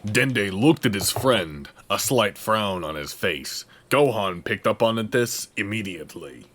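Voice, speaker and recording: A man narrating a comedic fan-fiction reading as podcast host, in a wry, deadpan manner. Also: on the low side, measured pace.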